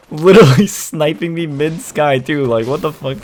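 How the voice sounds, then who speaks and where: A man's voice: mid-range voice, animated, normal speed, slight background noise. Laughing, cursing man in gaming chat. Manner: swears often, laughs through retold stories. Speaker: gaming streamer.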